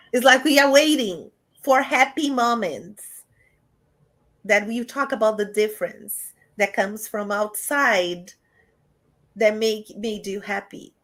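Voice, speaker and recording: A woman giving a lively spiritual talk over a video call, animated and often laughing, with big jumps in pitch. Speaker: guest speaker.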